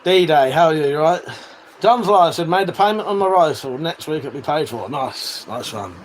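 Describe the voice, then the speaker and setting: A chatty British man hosting a casual livestream, his voice sitting a touch higher than most men's. He swears freely and laughs often, with a faint fan hum behind him. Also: lively intonation, moderate pace. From United Kingdom. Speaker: livestream host. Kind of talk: casual livestream chat reading viewer comments.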